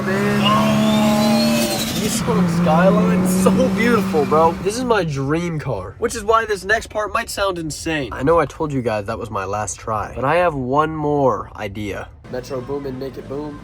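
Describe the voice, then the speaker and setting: A man's voice: on the high side, lively intonation, moderate pace, few pauses, background noise. A young man narrating his vlog in a casual, slangy way, talking straight to his viewers. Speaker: vlogger. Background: music.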